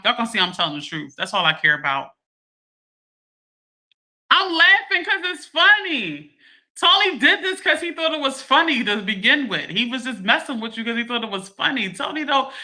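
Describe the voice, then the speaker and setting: Laughing woman with a very bright voice. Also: medium pitch. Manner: animated, laughing, addresses viewers as y'all. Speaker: livestream host. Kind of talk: casual chat to a live audience.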